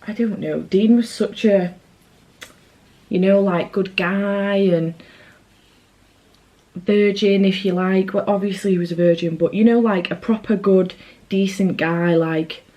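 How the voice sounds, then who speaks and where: A woman's voice: mid-range voice, steady tone, a little slow, pauses often, warm tone, rough recording. A woman chatting casually to camera in a rambling vlog. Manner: chatty, rambling, self-correcting. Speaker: vlogger.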